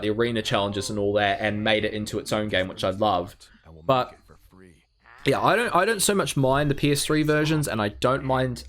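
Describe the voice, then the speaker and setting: A man's voice: medium pitch, a bit bright. A man streaming a video game, chatting casually with frequent ums and chuckles. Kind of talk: casual live gameplay commentary. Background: faint game music.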